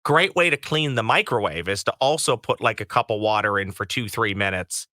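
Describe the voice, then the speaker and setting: A man's voice: on the low side, animated, brisk, bright, forceful tone, no echo, studio quality. A man co-hosting a casual radio podcast, joking and rambling easily. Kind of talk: casual chat.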